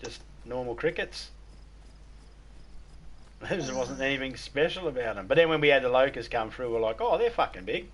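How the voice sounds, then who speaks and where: An Australian man hosting a live game stream, telling crude jokes in a relaxed, matter-of-fact way. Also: mid-range voice, moderate pace, pauses often. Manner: crude jokes in a laid-back drawl, says "mate" often. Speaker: streamer host. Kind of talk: casual joke-telling chat.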